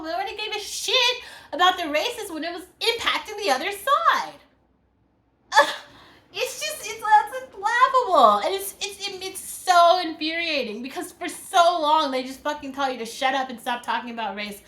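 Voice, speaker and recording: A woman's voice: sits high, very animated, normal speed, bright, forceful tone. A woman delivering a frustrated, profane vlog rant, full of "like" fillers. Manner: exasperated, profane, many "like" fillers. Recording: roomy echo.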